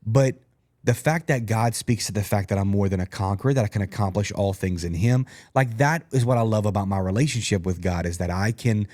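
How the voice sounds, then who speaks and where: A man with a fairly low voice hosts a relaxed faith discussion, reading Bible passages aloud and reflecting on them earnestly with plenty of fillers. The sound is dry and close, with no room echo. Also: brisk. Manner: earnest, reads scripture aloud with frequent fillers. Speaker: church host. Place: church studio.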